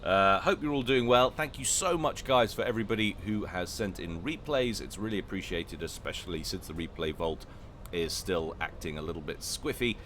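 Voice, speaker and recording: A man's voice: low-pitched, moderate pace, fairly bright tone, a little hiss or hum. A man giving jokey, chatty commentary on a strategy game replay, with self-mocking asides. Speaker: game caster.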